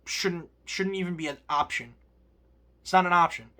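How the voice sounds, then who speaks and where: A man's voice: sits high, steady tone, normal speed, bright, forceful tone. A man, a sports vlogger, ranting angrily and profanely to his viewers as a fan. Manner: angry, profane, emphatic.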